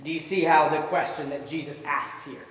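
A man's voice: fairly high pitch, flat delivery, moderate pace, a bit bright. A man preaching a sermon, retelling a story vividly and asking the listeners rhetorical questions. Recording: echoey hall, voice from far off.

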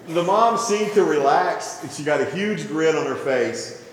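A man preaching a sermon, telling a story with gentle humor before moving into earnest teaching. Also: on the high side, expressive, moderate pace, slight background noise. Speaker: pastor. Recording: very echoey hall with long reverb.

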